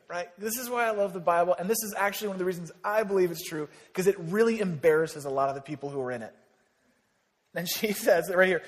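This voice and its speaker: Conversational preacher with a high voice in a reverberant hall. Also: male voice. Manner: conversational preaching with jokes, dropping to a hushed voice on key lines. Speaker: pastor. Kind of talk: sermon. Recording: long reverb of a large hall.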